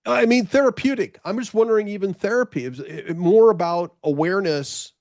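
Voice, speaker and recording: A man's voice: high-pitched, brisk, darkish tone, dry recording. A man hosting a podcast, asking casual interview questions, rambling and restarting his sentences along the way. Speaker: podcast host.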